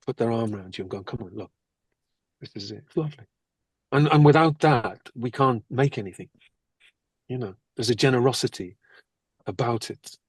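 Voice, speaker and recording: An older man, an actor, telling lively anecdotes in an interview and acting out the people he quotes. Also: mid-range voice, brisk, long pauses, breathy edge, no room sound. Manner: animated, acts out quoted people. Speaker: actor guest.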